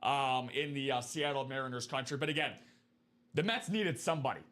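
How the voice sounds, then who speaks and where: A man hosting a live stream of memorabilia breaks, chatting upbeat and fast as he pitches to viewers. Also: a bit bright. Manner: upbeat, chatty, quick patter.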